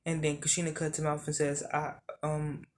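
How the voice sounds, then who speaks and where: A narrator improvising a fan-made story, talking in a halting way with many ums and correcting details as they go. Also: mid-range voice, monotone, a little hiss or hum.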